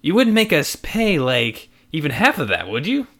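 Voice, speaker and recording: A man's voice: fairly high pitch, wildly swooping pitch, moderate pace, fairly bright tone, pitched above the performer's own voice, full character voice. A man doing a pleading young man. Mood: coaxing. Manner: pleading, insistent. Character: young man, persistent, odd sudden charm.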